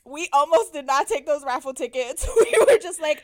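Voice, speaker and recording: A woman's voice: high-pitched, expressive, a little fast. A woman in casual chat, animatedly telling a story, acting out quotes and swearing freely.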